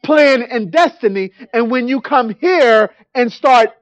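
High-voiced man preaching a testimony sermon. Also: unhurried, no echo. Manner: storytelling, animated, repeats words. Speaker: guest preacher.

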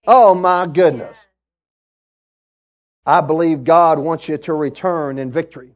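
High-voiced preaching pastor, man. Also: unhurried. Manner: preaching with rising shouts and call-outs; storytelling with asides. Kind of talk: sermon.

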